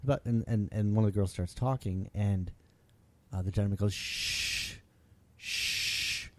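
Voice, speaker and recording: A man hosting a podcast, telling a story in a casual, animated way and acting out what people said. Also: lowish voice, a little fast, background noise. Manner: animated, acts out quoted voices, laughs often. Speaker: podcast host.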